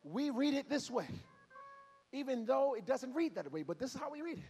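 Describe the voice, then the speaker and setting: A man with a very high voice preaches in a church, half-singing his lines in call-and-response. He climbs to ringing shouts, then sinks to near-whispers. Soft music plays faintly behind him. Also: sing-song, brisk. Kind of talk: sermon. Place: church sanctuary with congregation.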